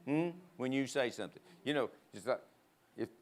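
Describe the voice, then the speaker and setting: A man preaching a sermon in a church, emphatic, leading the congregation in call-and-response and prodding them with quick asides. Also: mid-range voice. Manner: emphatic, prods the crowd with "huh?". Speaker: guest preacher. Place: church sanctuary.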